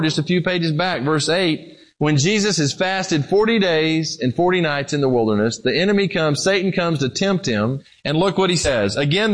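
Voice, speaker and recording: A man preaching a sermon in a conversational way, moving between loud emphasis and quiet, low passages. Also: low-quality recording.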